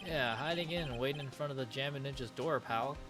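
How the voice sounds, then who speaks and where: A man voicing a gruff, bumbling male police detective who talks in a blustery way. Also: mid-range voice, brisk, lightly acted. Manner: blustery, says "pal" a lot. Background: game music.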